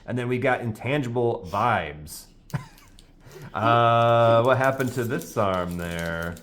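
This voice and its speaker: Casual male co-host, slow and hesitant, pitch rising and falling a lot. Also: expressive, a bit bright, a little hiss or hum. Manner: slow, hesitant reading of card names with many "uh"s. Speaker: co-host opening card packs. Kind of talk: casual card opening chat.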